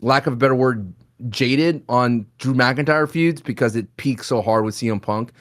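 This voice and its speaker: A young man hosting a casual podcast, joking and animated, who acts out quotes in silly voices. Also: mid-range voice, moderate pace. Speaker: podcast host.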